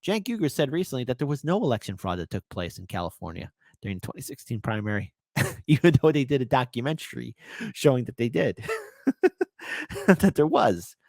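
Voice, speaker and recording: Guy ranting on his political livestream, super lively up and down voice, sarcastic, dry sound. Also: mid-range voice, a little fast, gravelly, no echo. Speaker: political commentary host. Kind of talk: livestream commentary.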